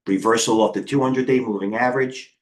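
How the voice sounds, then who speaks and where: A middle-aged American man hosting a live trading stream, excitable and rambling, jumping between stocks with quick quips. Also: mid-range voice. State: out of breath. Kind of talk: live market commentary.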